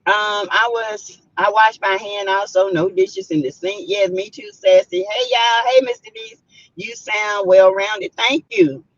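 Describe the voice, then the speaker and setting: A middle-aged woman with a Southern US accent, chatting casually on a live stream and reading viewer comments aloud, emphatic and animated when telling stories. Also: mid-range voice, a little slow, few pauses, dry recording, dull audio. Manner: emphatic, animated storytelling with loud bursts. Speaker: vlogger reading live chat.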